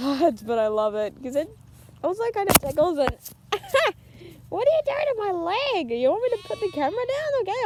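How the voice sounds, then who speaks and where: A woman's voice: sits high, noisy background. A young New woman filming a casual farm vlog on a handheld camera in a paddock, chatting and giggling at the lambs. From New Zealand. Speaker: vlogger. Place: outdoors in a paddock among sheep. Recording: outdoor camera audio with bleating sheep. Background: bleating sheep and lambs.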